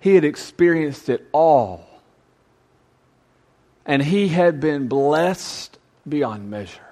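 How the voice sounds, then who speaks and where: A man's voice: a little high, lively intonation, takes it slowly, warm tone. A man preaching a youth sermon, conversational and emphatic with folksy asides.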